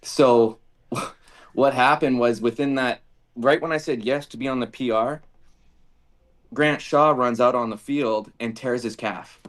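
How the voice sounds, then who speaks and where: Here the former football kicker speaks a little slowly, his pitch medium, as a podcast guest sharing relaxed stories. He animatedly voices the lines of everyone in his tales.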